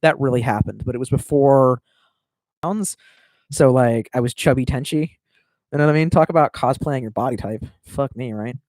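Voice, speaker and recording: A man's voice: medium pitch, normal speed, a little mellow, no echo, clean studio sound. A man in his thirties chatting casually on a live stream, reading viewer comments and rambling with lots of swearing and self-mockery. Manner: profane, rambling, self-mocking.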